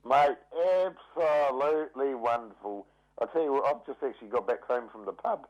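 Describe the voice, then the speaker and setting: A man's voice: medium pitch, normal speed. A man with a New Zealand accent calls into talkback radio, sounding hearty and enthusiastic. The line is dull and muffled. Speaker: radio caller. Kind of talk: casual phone call.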